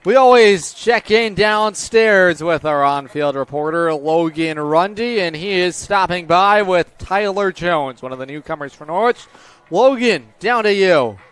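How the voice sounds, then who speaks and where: A man's voice: expressive, a bit bright, clean tone. Upbeat male baseball play-by-play announcer. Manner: brisk, upbeat call of each pitch. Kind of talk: live baseball commentary.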